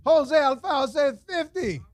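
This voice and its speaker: A man running a lively fundraiser auction, teasing the crowd with slang and frequent laughter. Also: very high voice. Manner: playful, teasing, street slang, laughs often. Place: event hall with audience.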